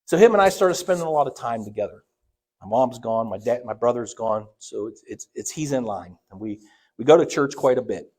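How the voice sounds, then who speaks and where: Here the Ohio church elder, a middle-aged man, speaks a little fast at medium pitch, his intonation lively and his tone a bit mellow. During the sermon he shares personal anecdotes conversationally, acting out quoted voices and restarting many times.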